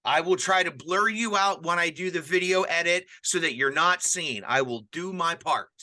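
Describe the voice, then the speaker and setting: Bright-voiced earnest male pastor. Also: on the high side, normal speed. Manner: earnest, rambling with frequent restarts. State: widowed, grieving. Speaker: pastor and podcast host. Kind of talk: casual podcast chat.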